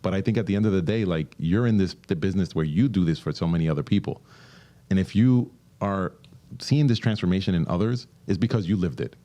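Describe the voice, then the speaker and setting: A man hosting a radio interview who switches between English and Spanish and addresses listeners directly, asking energetic leading questions. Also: deep voice, fast talker. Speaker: radio show host.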